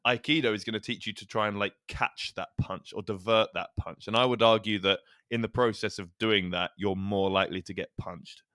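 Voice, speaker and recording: A man's voice: lowish voice, steady tone, brisk, few pauses, sharp tone, dry recording, studio quality. A man co-hosting a podcast in a laid-back, jokey casual chat. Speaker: podcast co-host.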